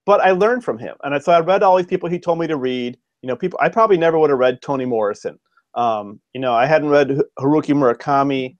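Guesting on a podcast, a fiction writer rambles through storytelling, stopping for frequent ums and restarts. His medium-pitched voice has a darkish tone, and the recording has no room sound with its highs cut off.

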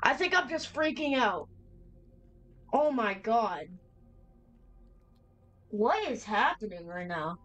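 A woman's voice: a little high, big pitch swings, slow, long pauses, a bit bright, rough recording. Jittery young woman narrating a horror game. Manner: chatty, nervous, reacts aloud with slang. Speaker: gamer playing a horror game. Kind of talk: casual let's-play commentary.

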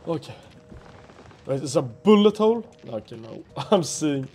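A man's voice: a little high, lively intonation, a little slow, pauses often, dark tone, faint music behind. Jumpy, swearing gamer man. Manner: jumpy, swearing, nervous laughter. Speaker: let's play gamer. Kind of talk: horror game commentary.

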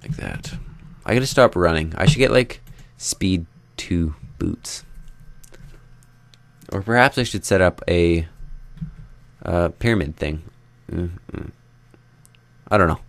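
Speaking slowly in a deep, gravelly voice, this young man pauses often, and the recording has no room sound. As a Minecraft let's play host, he rambles casually over his own gameplay, self-deprecating and chatting with viewers while he builds.

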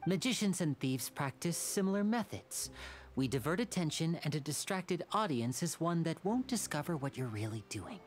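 This is a woman playing a charming young male stage magician from a video game. The voice sits low and moves with lively, rolling intonation, and the delivery is smooth, teasing and quietly persuasive. Faint music plays underneath. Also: moderate pace. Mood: hushed.

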